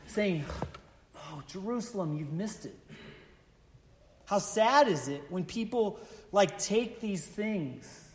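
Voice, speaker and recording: A man's voice: high voice, in a large hall. A man preaching a sermon as pastor, earnest and emphatic, often repeating exclamations.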